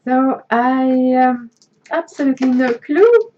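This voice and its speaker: A woman's voice: high-pitched, slow pace, highs cut off, background noise. A woman hosting a crafting channel, chatting casually as she opens mail, gushing and laughing often. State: tearful, choked up. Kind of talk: casual unboxing vlog.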